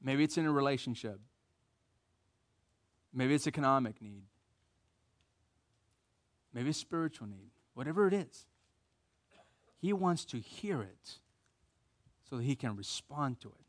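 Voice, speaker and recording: An American man preaching a sermon, animated, repeating phrases for emphasis and leading call-and-response with the congregation. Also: medium pitch, unhurried, pauses often.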